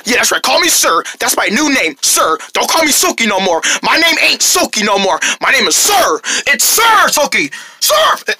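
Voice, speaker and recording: Sir Soki, someone voicing a bossy, shouty cartoon character. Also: mid-range voice, big pitch swings, normal speed, hardly any pauses, exaggerated voice. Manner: scolding, repeats orders, shouts. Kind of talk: homemade cartoon voice acting.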